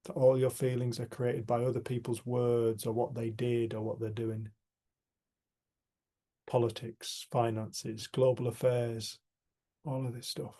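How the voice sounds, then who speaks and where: A man's voice: medium pitch, flat delivery, unhurried, warm tone. A man leading a casual community group discussion, talking in an earnest, emphatic way. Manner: earnest, emphatic, swears mildly.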